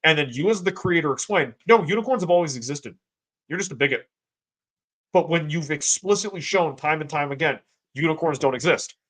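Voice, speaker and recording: A man's voice: on the high side, fairly bright tone, rough recording. A young man from the United States hosting a livestream, rambling casually, swearing and bantering with his chat. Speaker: streamer host.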